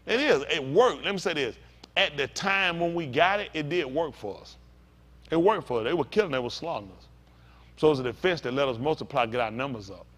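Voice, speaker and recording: A man's voice: fairly high pitch, animated, brisk, fairly bright tone. A male pastor teaching a sermon in a conversational storytelling way, talking straight to the congregation.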